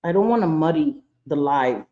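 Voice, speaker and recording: A woman's voice: sits low, animated, normal speed, narrow, tinny audio. A woman hosting a livestream, ranting angrily and repeating herself while reading viewer comments. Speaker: livestream host.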